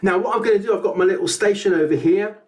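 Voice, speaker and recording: A man's voice: high voice, fast talker, darkish tone. A man teaching a harmony song in a live online singing lesson, explaining it step by step in a friendly way.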